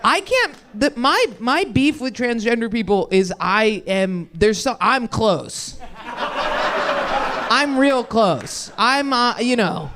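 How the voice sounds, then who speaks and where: A woman's voice: a little high, expressive, takes it slowly, background noise. Rambling young woman doing stand-up. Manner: rambling, self-deprecating, laughs mid-sentence; loses her thread, many fillers and restarts. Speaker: stand-up comedian. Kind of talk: stand-up set. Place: comedy club stage.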